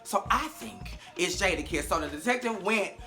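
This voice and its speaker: A sassy TV recap host runs through an episode in casual, profane commentary, acting out what the characters said. The voice is bright and sharp-edged. A little music plays faintly underneath. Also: mid-range voice, animated, moderate pace, vocal fry.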